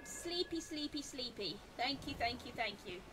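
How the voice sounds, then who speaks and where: A woman giving chatty live commentary while she plays a video game, talking to the game and rising into flustered high squeals. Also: lively intonation, normal speed, music in the background. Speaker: game streamer.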